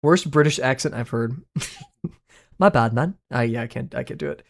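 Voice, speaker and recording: A streamer chatting casually and excitedly with viewers, laughing often and swearing freely while reacting to chat. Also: medium pitch, moderate pace, creaky.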